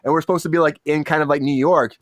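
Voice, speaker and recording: A young man hosting an entertainment news show, telling set stories in a lively way and acting out quotes. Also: fairly high pitch, fast, no room sound, clean studio sound. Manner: animated storytelling, acts out quotes. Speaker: show host. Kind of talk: casual chat.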